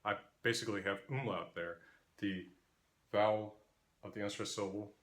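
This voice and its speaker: Lower-voiced Interior West American lecturer. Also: male voice, fairly even intonation, fairly bright tone. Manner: measured, demonstrates vowel sounds aloud. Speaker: linguistics teacher. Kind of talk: explanatory lecture.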